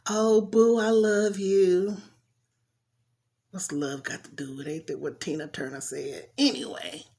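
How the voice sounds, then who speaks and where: A woman reading a Bible story aloud in a casual way, stopping to comment on it in slangy asides. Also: sits low. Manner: chatty, talks back to the story with slang asides.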